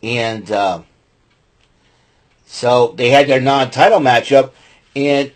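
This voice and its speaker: A man's voice: medium pitch, slow, long pauses. A man hosting a podcast, giving a rambling casual recap with lots of fillers and restarts and blunt opinions. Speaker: podcast host recapping wrestling.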